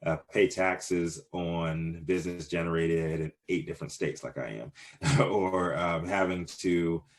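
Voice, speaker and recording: Man, thirties, very low voice, casual interview talk, lots of ums and restarts. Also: steady tone, a little slow. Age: 30s. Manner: rambling, many fillers and restarts. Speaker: cannabis business owner, guest.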